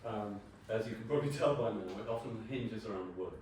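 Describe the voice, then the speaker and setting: A man in his sixties gives a loose, wry conference talk as a designer and swears now and then for laughs. His voice sits fairly low. The mic is some way off in a big, very reverberant hall with faint ambience underneath. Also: brisk, a little mellow, slight background noise. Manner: wry, informal, swears for comic effect. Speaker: brand designer giving a talk. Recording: very echoey hall, mic far off.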